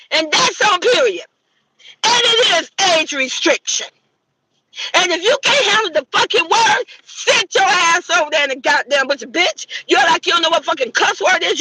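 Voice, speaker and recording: A middle-aged woman hosting her own channel, delivering a furious, profane gossip rant full of shouted rhetorical questions. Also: very high voice, sing-song, moderate pace, slight background noise, poor audio. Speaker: channel host. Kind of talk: angry gossip commentary rant.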